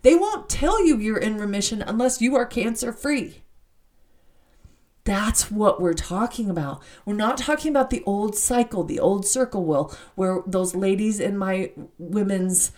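A woman's voice: mid-range voice, expressive, a little slow, a little mellow. A woman hosting a devotional podcast, talking earnestly and from the heart. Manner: earnest and heartfelt, with many "I mean" asides. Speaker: podcast host.

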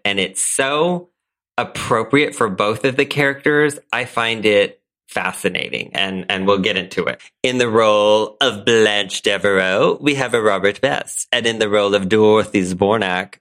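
Animated bright-voiced male podcast host. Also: lowish voice. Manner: animated storytelling, frequent laughs. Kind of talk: casual chat recapping a sitcom episode.

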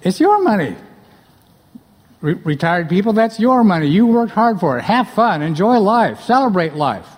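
Male pastor, high voice, emphatic sermon delivery, long reverb of a church hall. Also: sing-song, normal speed. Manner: emphatic, questions the congregation directly. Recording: echoey hall.

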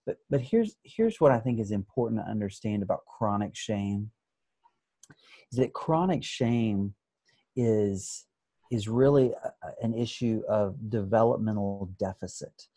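A man's voice: fairly low pitch, lively intonation, unhurried, dark tone, no echo. Thoughtful man explaining his therapy work. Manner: thoughtful, many restarts, acts out examples. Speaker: addiction therapist. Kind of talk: interview answer, explaining.

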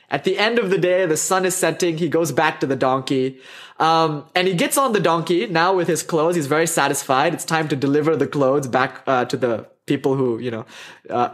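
A man telling a teaching story in a casual, animated way. He laughs often and drifts off on tangents. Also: fairly high pitch.

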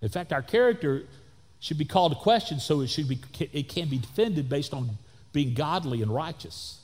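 A man, a pastor, preaching a sermon in an animated way and acting out the people he quotes. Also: a little high, moderate pace, big-room sound.

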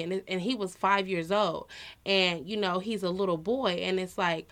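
A woman in her thirties talking in a relaxed, heartfelt way on a podcast. She speaks earnestly and often fills her pauses with "you know.". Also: lowish voice. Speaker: podcast co-host. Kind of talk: casual personal chat.

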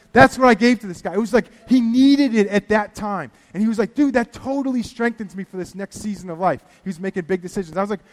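A high-pitched male preacher delivers a sermon in a lively storytelling way, acting out his own prayers. His voice rings out in a hall with a long, trailing reverb. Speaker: pastor.

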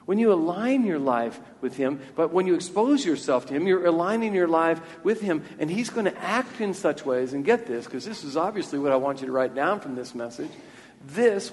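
A man's voice: a little high, animated, normal speed, a little mellow. A man preaching a sermon from a church, earnest and talking freely, often repeating words as he restarts a thought. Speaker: pastor. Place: church sanctuary. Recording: long church reverb.

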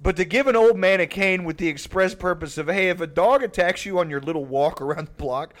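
A man's voice: sits high, fairly quick, few pauses, fairly bright tone. A man telling a long, rambling, profane family story on a podcast, laughing often. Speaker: podcast host. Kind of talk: casual storytelling.

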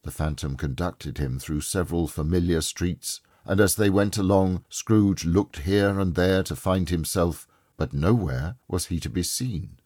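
A man narrating an audiobook in a measured, expressive storytelling manner. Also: low voice, slightly rough, dry recording, studio quality.

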